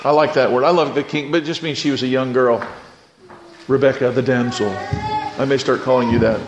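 A man's voice: medium pitch, fairly even intonation, brisk, lo-fi sound. Man preaching a storytelling sermon, echoey. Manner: storytelling, engages the congregation. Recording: echoey room with faint noise.

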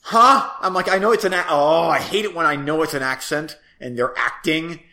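A man's voice: fairly high pitch, moderate pace, bright, forceful tone. A man co-hosting a casual podcast, ranting about a bad movie, profane and laughing often. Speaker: podcast co-host reviewing movies. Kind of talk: casual chat.

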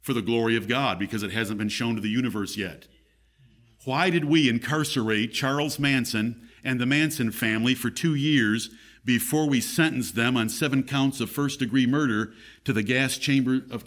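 A man's voice: mid-range voice, a bit bright. A man preaching a sermon as pastor in a church, emphatic, his voice rising and falling.

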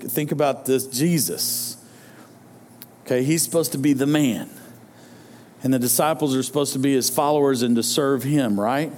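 A man's voice: mid-range voice, a little mellow, slight background noise. A man preaching a sermon to his congregation, talking in a loose, conversational way and often stumbling over repeated words as he restarts his sentences. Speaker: pastor.

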